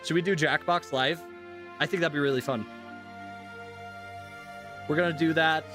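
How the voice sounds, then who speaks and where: A man's voice: on the high side, steady tone, normal speed, over music. A man who works as a voice actor, rambling easygoing to his chat during a live stream.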